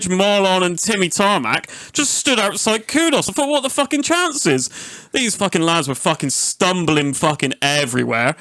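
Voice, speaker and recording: Sweary high-voiced man. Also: no echo. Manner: sweary, animated anecdote-telling. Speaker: podcast host. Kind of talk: casual storytelling chat.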